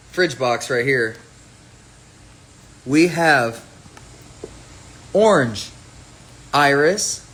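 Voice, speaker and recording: A man's voice: fairly high pitch, a bit bright, rough recording. A man chatting casually on a phone livestream about his own fragrance, rambling and playful as he jumps between topics.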